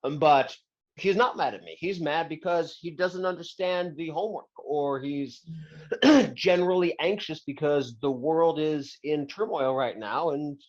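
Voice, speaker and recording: A man in his forties hosting an interview, relaxed and reflective, often affirming with short hums. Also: fairly high pitch, a little slow. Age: 40s. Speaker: podcast host. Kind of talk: interview conversation. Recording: dull lo-fi audio.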